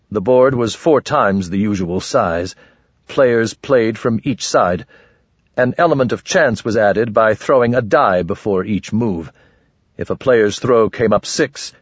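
Low husky male narrator. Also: no echo. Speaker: audiobook narrator. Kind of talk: scripted fantasy narration. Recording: dry, dull close-mic audio.

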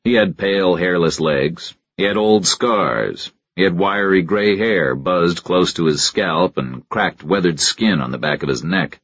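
A man narrating a first-person crime story in a measured, deadpan way. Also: low-pitched, husky, no echo, highs cut off. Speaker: audiobook narrator.

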